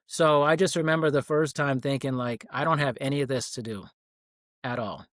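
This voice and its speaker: A man's voice: medium pitch, moderate pace, dry recording, studio quality. A young man, a personal trainer, telling stories casually as a podcast guest, with loose restarts and chuckles. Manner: relaxed storytelling with frequent restarts and chuckles. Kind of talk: casual interview talk.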